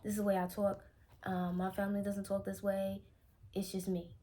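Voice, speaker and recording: A woman's voice: medium pitch, completely flat delivery, normal speed, dark tone. A young woman from Chicago with a Chicago accent, rambling candidly in an unscripted vlog recorded on her phone. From Chicago, Illinois. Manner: rambling, self-correcting, candid. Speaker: vlogger. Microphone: phone camera.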